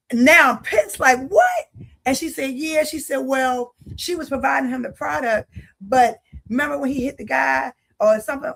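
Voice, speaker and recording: A woman's voice: high-pitched, gravelly, slightly rough, poor audio. A woman with a Philadelphia accent telling her life testimony, acting out the voices of the people in it. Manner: animated, acts out quoted voices. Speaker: life speaker giving a testimony. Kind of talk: storytelling testimony.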